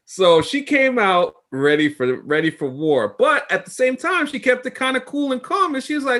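A man's voice: sits high, very animated, normal speed, few pauses, a bit bright. A man co-hosting a podcast in casual chat, thinking aloud as he goes. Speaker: podcast co-host.

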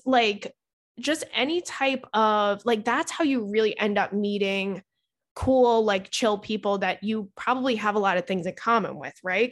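A woman's voice: mid-range voice, a bit bright. Chatty, rambling woman comedian host. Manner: chatty, rambling, peppered with "like" and casual swearing. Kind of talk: casual chat and reading listener letters.

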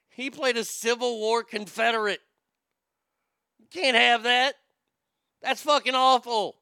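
A man's voice: extremely high pitch, steady tone, unhurried, pauses often, pushed and bright, clean tone, dry recording, studio quality. A man ranting casually about movies, profane and rambling, reading out viewer comments as he goes.

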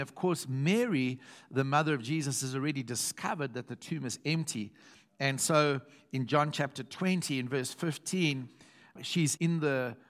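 A man's voice: fairly high pitch, fairly bright tone. A man preaching a sermon to his congregation, reading scripture aloud and joking along the way. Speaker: pastor.

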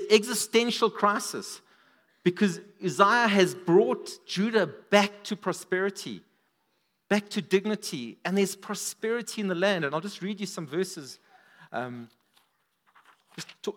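A man preaching a sermon at a church service, animated, his voice swinging up and down for emphasis. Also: a little slow. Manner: animated, rises and drops in pitch and volume for emphasis.

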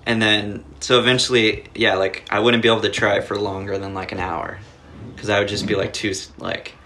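A man's voice: lowish voice, level tone, brisk, bright, forceful tone, slight background noise. A young man telling a long story in casual chat, rambling with lots of filler words and cursing. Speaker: podcast guest.

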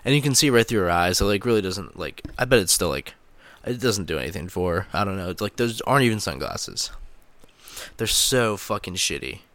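A young man with a deep, low voice rambles through crude, sarcastic commentary on his own show, full of filler words. The sound is dry and close, with no room echo. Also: lively intonation, a little fast, fairly bright tone. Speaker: podcast host. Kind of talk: casual solo commentary.

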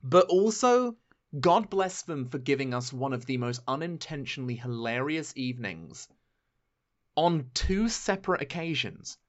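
Animated British man, lo-fi sound. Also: medium pitch, a little slow. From Britain. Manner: animated, swearing, theatrical asides. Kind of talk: casual chat.

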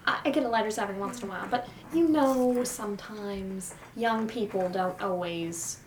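A woman's voice: mid-range voice, normal speed, roomy sound, far from the mic, slight background noise, lightly acted. A woman putting on a sweet elderly lady. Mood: fond. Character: sweet elderly old lady, gentle and fond.

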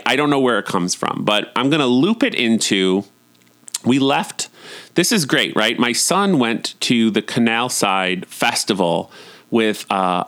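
A man at home spins casual, chatty stories with a campy edge. His voice sits at a middling pitch but jumps into bright, high swoops whenever something thrills him. He sounds loose and talkative, like a podcast host chatting to his listeners. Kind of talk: casual storytelling monologue.

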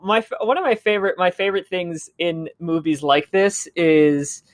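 A podcast co-host chatting casually about a movie, animated and quick to laugh. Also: medium pitch, no echo, studio quality. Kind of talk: casual chat.

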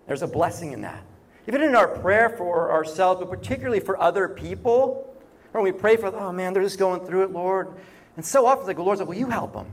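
A man's voice: high voice, husky. A man preaching a sermon in a conversational way, often acting out short quoted voices. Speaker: pastor.

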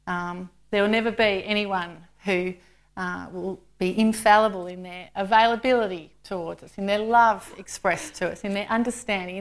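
Woman preaching conversationally. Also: mid-range voice. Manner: conversational, with rhetorical tag questions. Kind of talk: sermon.

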